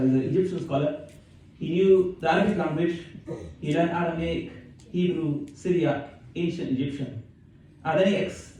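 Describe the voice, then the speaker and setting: Guy teaching religion in a big echoey hall, mic kinda far, bit of hiss, mellow voice. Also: a little high. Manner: conversational, recites Arabic verses then explains them. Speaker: Islamic scholar giving a talk. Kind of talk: religious lecture. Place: community centre hall.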